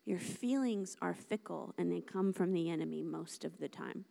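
A woman preaching a lively, conversational sermon to a church congregation, acting out little dialogues as she talks. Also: fairly low pitch, moderate pace, creaky. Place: church service.

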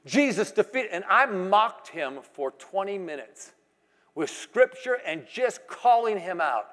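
A middle-aged male preacher with a high voice delivers a sermon in a lively storytelling way. He jumps from loud, emphatic lines to quiet asides. His voice rings with the long reverb of a large hall. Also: measured pace. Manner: animated storytelling, swings between loud exclamations and hushed asides.

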